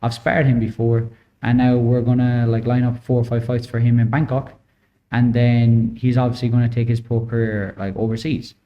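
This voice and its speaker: A man's voice: medium pitch, level tone, moderate pace, muffled recording. A man in his twenties with an Irish accent, a boxing coach telling stories as a podcast guest, with many filler words. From Ireland. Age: 20s. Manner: storytelling, lots of "like" fillers. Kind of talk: casual interview chat.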